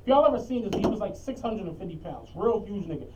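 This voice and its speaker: A man, a podcast co-host and bus driver, telling stories in a loud, animated, profane way. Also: sits high, quick pace, background noise. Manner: animated, profane, acts out quotes. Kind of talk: casual storytelling chat. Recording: muffled lo-fi audio from a distant mic.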